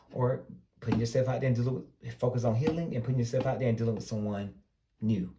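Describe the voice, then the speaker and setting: Recorded in an echoey room, a medium-pitched man reads tarot in a loose, rambling way, full of advice. He's from North Carolina, speaks with a Southern accent, and keeps correcting himself as he goes.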